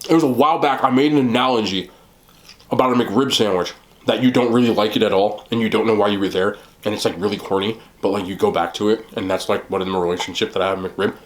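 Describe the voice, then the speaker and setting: A man hosting a mukbang, chatting casually while eating, talking in an animated way with loud bursts. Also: on the low side, quick pace. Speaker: mukbang host.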